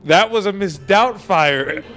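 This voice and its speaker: A man's voice: sits high, animated, takes it slowly, a bit bright, faint music behind. A man hosting a man-on-the-street interview, joking and teasing the people he stops outdoors.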